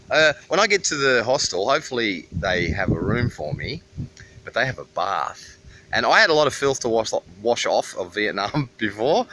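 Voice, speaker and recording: A man's voice: fairly low pitch, sharp tone. An Australian man vlogging casually at a busy roadside, swearing freely and rambling through a story into a handheld camera. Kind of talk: casual roadside travel vlog. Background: faint passing traffic.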